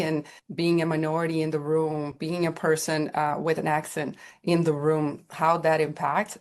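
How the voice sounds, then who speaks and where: A woman with a foreign accent in English hosts a group mentorship call, her voice sitting low. She talks informally and loosely, checking in with the group by asking "right?" and leaning on "like" as she goes. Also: gravelly. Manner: informal, many "like" and "right?" fillers. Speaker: program host. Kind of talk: casual group talk. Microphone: video call.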